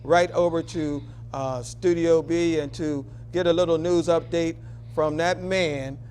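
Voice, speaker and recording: Guy hosting a local talk show, slightly high voice, little hum in the background. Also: steady tone, unhurried, a little mellow. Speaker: host. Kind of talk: casual talk show presenting.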